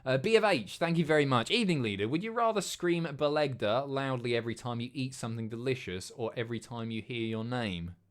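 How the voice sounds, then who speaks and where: A man's voice: mid-range voice, expressive, fairly quick, few pauses. Chatty streamer man, swears at chat. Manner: banters with chat, swears freely. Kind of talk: casual chat.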